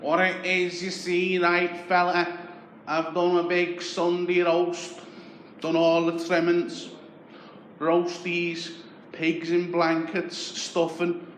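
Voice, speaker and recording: A comedian voicing a wheedling local beggar who keeps calling people fella. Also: male voice, sits high, completely flat delivery, takes it slowly, reverberant, a little hiss or hum, pitched above the performer's own voice. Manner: wheedling, chummy, repeats fella.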